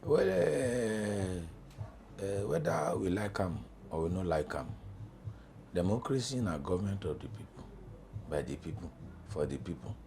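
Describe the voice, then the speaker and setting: A middle-aged man with a Nigerian accent, a journalism lecturer talking as a studio guest in pidgin, animated and emphatic. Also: deep voice, unhurried, gravelly, pauses often, slight background noise. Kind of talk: studio talk show in pidgin.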